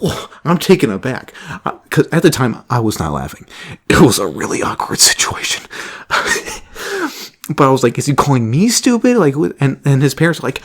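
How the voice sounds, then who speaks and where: A man's voice: medium pitch, animated, brisk. Young man rambling through a story. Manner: rambling, laughing, swearing often. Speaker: vlogger. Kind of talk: casual storytelling.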